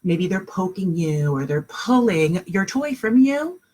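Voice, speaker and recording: A woman teaching a kindergarten class online from home, speaking slowly and clearly in a sing-song, encouraging way for small children. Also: on the low side, very animated, darkish tone.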